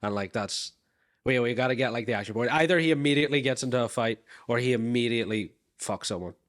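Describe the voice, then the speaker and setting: A man's voice: mid-range voice, fairly bright tone. A young man, a co-host in casual chat, riffing on story ideas and chiming in with "aye". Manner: chatty, quick to agree with "aye".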